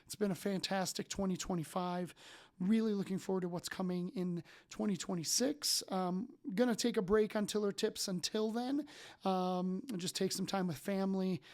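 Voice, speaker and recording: A man coaching his followers with earnest, faith-filled storytelling, animated and full of restarts and "like". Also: sits high, normal speed. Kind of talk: casual spoken storytelling to followers.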